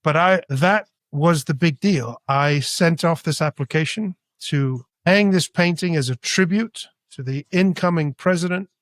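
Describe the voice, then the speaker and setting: A man's voice: on the high side, measured pace, few pauses, no echo. A man born in Britain and raised in Spain, an artist telling his story as a guest and acting out dialogue. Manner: animated, acts out dialogue. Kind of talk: storytelling interview.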